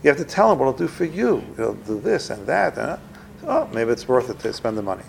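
A man's voice: very animated, a little fast, creaky, a little hiss or hum. A man giving an informal religious talk in a conversational way, often acting out little dialogues and repeating phrases as he makes his point. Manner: conversational, plays out dialogues with rising pitch, repeats himself.

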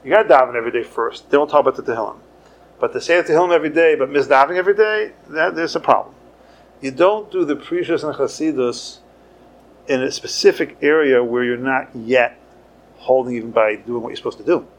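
Gravelly-voiced rabbi teaching a class. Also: male voice, medium pitch, fast talker. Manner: conversational teaching, lively with sudden emphasis. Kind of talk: Torah lecture.

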